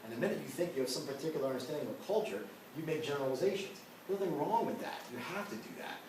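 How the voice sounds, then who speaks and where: A man races through an ethics class lecture, his voice fairly high and his intonation lively, sprinkling in personal stories along with plenty of "you know" and "right?". The recording, made on a distant room mic in a lecture room, is very echoey, with his voice far away and a faint hiss.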